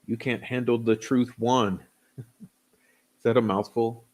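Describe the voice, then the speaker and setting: In a mid-range, darkish voice with a level tone, this man hosts a casual livestream at a slow pace. He reads chat names to greet viewers and drifts loosely, chuckling and using fillers.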